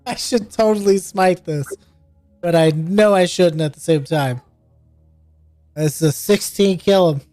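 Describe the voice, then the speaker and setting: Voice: medium pitch, a little slow, long pauses, darkish tone, no room sound, faint music behind. A player in a tabletop game, casual and playful while describing attacks. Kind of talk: tabletop play over voice chat.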